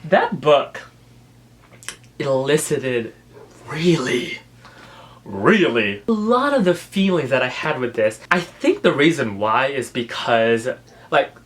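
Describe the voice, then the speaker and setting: A man's voice: mid-range voice, sing-song, takes it slowly, long pauses, a bit bright, slight background noise. A man chatting on his book vlog, gushing and emotional, filling his talk with fillers and laughing through the feeling. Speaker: book vlogger. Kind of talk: casual book review vlog.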